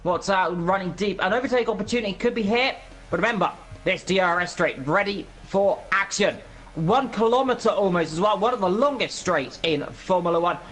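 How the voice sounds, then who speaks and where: A man's voice: sits high, brisk, fairly bright tone. A man giving live commentary on an esports racing event, walking through the track with playful energy.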